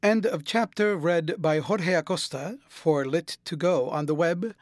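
A man reading a classic novel aloud as an audiobook narrator, clear and even. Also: fairly high pitch, measured pace, no echo, studio quality.

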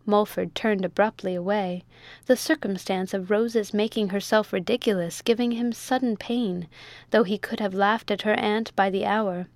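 A woman reading a classic novel aloud in a measured, clear and formal manner. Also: mid-range voice, fairly even intonation, darkish tone, no echo. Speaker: narrator. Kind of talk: audiobook narration of a classic novel.

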